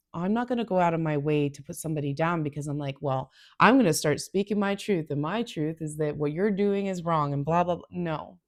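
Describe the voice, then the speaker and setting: A woman's voice: sits low, darkish tone. A woman giving an intuitive card reading in a casual, reassuring way, full of fillers and often checking in with "okay?" and "right?". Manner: loose and informal with many fillers.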